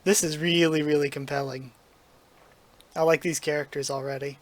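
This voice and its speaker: A man's voice: a little high, fairly even intonation, moderate pace. A man reading a manga aloud for his channel, with enthusiastic commentary and a slightly strained voice. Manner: enthusiastic, laughs at the story.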